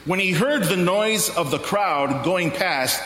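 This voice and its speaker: A man's voice: sits high, expressive, slow, bright, forceful tone. A man preaching a sermon as pastor, emphatic, asking and answering his own rhetorical questions. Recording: roomy hall reverb, faint ambience.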